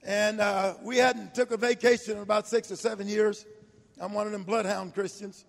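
A man in his sixties preaching a sermon, telling a personal story in a folksy, animated way. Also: sits high, normal speed, vocal fry. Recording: echoey hall reverb.

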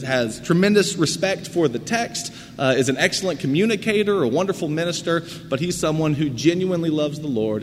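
A man makes announcements at a church service in a friendly, halting manner, often pausing on fillers. His voice sits a little high for a man. It rings with a long church-hall reverb over faint room ambience. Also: slight background noise. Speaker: church service leader introducing the guest preacher. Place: church sanctuary.

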